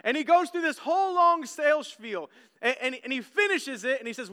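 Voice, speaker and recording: A man's voice: very high-pitched, very animated, fairly quick, sharp tone, smooth. A man preaching a sermon as pastor, telling stories earnestly and often repeating words as he restarts a phrase. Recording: long church hall reverb.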